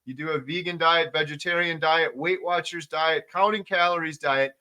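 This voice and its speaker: Bright, eager male podcast host. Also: fairly high pitch, normal speed. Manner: enthusiastic, repetitive emphasis, frequent fillers. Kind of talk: casual interview chat.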